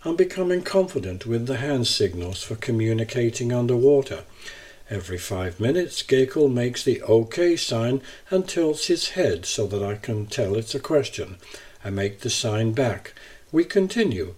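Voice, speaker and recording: A man narrating a first-person travel essay in a measured, even reading style. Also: mid-range voice.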